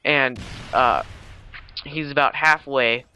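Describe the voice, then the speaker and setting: A man's voice: medium pitch, takes it slowly, bright, forceful tone. A young man casually recapping a film, rambling with lots of fillers and self-corrections. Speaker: video uploader. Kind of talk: casual movie recap vlog. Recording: dull lo-fi home recording.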